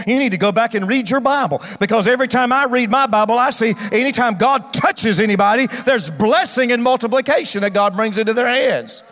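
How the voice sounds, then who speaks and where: A man's voice: high voice, a little fast, a bit bright. A male pastor preaching an emphatic sermon, calling for responses from the congregation. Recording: long hall reverb.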